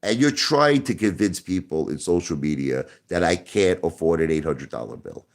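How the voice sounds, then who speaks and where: A man's voice: deep voice, animated, moderate pace, gravelly. A man hosting a casual online show, talking defensively to his viewers and stumbling over repeated words. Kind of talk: casual livestream talk to viewers.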